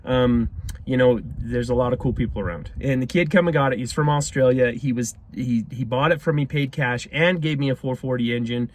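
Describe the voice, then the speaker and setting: A man in his thirties from Utah tells a long personal story in a casual, rambling way, with a mid-pitched voice. He gets excited, laughs often, and acts out the people he quotes. A soft hum of ambience sits faintly behind him. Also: fairly quick, low-quality recording. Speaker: car restorer telling a story.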